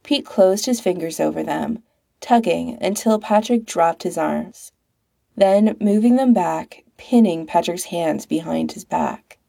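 A woman reading fiction aloud in an expressive, unhurried way. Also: fairly low pitch, creaky. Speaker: story reader. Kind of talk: narrating fan fiction aloud.

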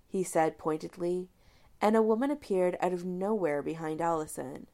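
A woman narrating a fanfiction story aloud, with lively storytelling and character voices. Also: fairly low pitch, normal speed. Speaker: fanfiction reader. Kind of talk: audiobook narration.

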